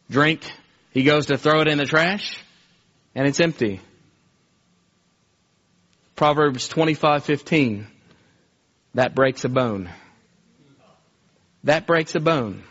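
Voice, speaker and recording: A man preaching a sermon in an earnest way, acting out everyday scenes and slowing down for emphasis. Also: mid-range voice, a bit bright, dull audio.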